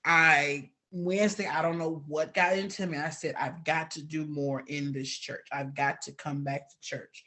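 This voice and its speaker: A woman guest sharing a personal testimony, candid and animated, acting out the voices of people she quotes. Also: low voice, normal speed, few pauses.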